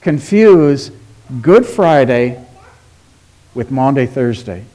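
A man preaching a sermon in a deliberate, emphatic way, asking rhetorical questions and dropping to a quiet voice for stress. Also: medium pitch, big pitch swings. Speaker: pastor.

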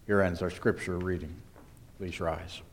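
A man reading scripture aloud in a church service in a solemn, measured way. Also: low voice, fairly even intonation, a little hiss or hum. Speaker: scripture reader in worship.

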